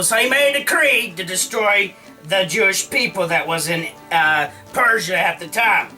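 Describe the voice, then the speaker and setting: A man's voice: sits high, moderate pace, bright, forceful tone, recorded from a distance, soft background music, low-quality recording. Slangy man retelling a story. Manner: slangy, full of "like", acts out lines. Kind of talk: casual comic retelling.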